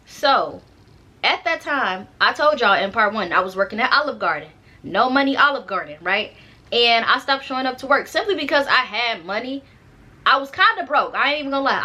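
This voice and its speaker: A woman's voice: a little high, sharp tone. Chatty young woman telling a story. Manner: chatty, slangy, addresses viewers directly. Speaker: storytime vlogger. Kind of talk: casual storytelling to camera.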